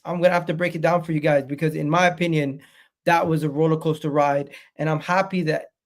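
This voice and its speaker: A man hosting his own football fan channel, ranting casually and animatedly to viewers, repeating himself and swearing freely. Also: on the high side. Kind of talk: casual fan video rant.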